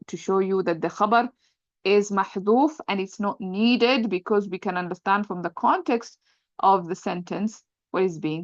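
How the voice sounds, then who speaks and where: A woman's voice: medium pitch, no room sound, muffled recording. A woman teaching an Arabic grammar lesson, patiently explaining step by step and often checking with "right?". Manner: patient, repeats points, checks understanding with "right?".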